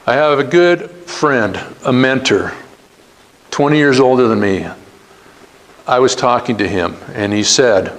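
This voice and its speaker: A middle-aged man speaks to students as a guest speaker, telling his story in an earnest way. His voice sits at an ordinary pitch for a man. He acts out the dialogue he quotes. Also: normal speed, poor audio.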